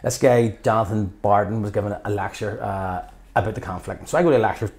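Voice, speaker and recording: His voice is on the low side and his pace quick. A man in his fifties with a Belfast accent, he's a guest in a conversational interview, telling stories with passion and animation and acting out the quotes.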